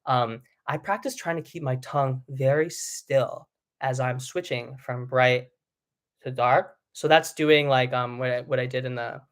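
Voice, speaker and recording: Speaking a little slowly in a mid-range voice, a young man coaches a live online singing lesson. His style is relaxed and explanatory, with short sung passages mixed in.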